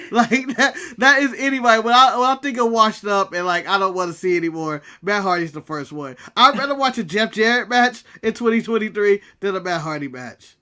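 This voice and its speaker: A man's voice: high voice, bright, forceful tone. A man from the United States co-hosting a casual wrestling recap podcast, ranting and joking in a brash way. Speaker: podcast co-host.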